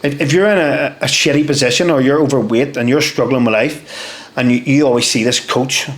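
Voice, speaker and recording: A young man, a podcast guest telling stories in casual chat, lively and swearing freely as he acts out what people said. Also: mid-range voice, fairly quick. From Northern Ireland. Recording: roomy echo.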